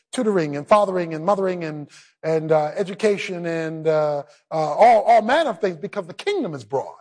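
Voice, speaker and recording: A male pastor with a strikingly high, husky voice delivers a sermon. His pitch swings widely as he drops low and then shouts on his key lines. He calls on the congregation to repeat phrases to their neighbors. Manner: preaching with shouted emphasis and call-and-response.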